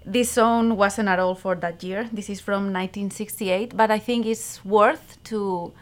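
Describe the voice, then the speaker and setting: A woman's voice: medium pitch, fairly even intonation, a little slow. A woman from Spain in her forties, a guest on a radio show, speaking English with a Spanish accent as a second language and sometimes searching for words. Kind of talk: casual radio interview. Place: radio studio.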